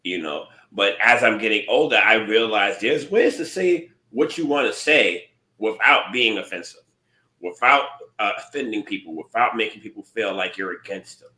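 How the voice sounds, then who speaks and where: A man co-hosting a podcast, talking in an earnest, measured and thoughtful way in casual chat. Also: lowish voice, bright, forceful tone. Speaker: podcast co-host. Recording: roomy echo.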